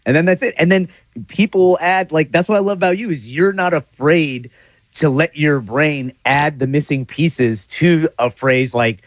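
A man's voice: a little high, normal speed, no room sound. Podcast host, male, playful, surfer-dude drawl, dry, slightly muffled sound. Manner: playful, slips into a laid-back surfer-dude voice. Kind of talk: casual conversation.

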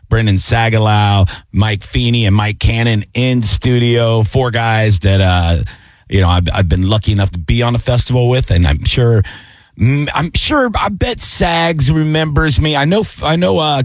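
Chatty male radio host, dry studio. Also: dry recording. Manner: loose and chatty, breaks into excited high-pitched impressions. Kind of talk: casual studio banter.

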